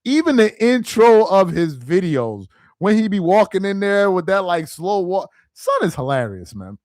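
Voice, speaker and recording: A man's voice: high voice, big pitch swings, moderate pace, a little mellow, dry recording, clean studio sound. A man hosting a casual sports talk live stream, reading chat aloud in a loose, slangy, rambling way, ending lines with "man" and "bro".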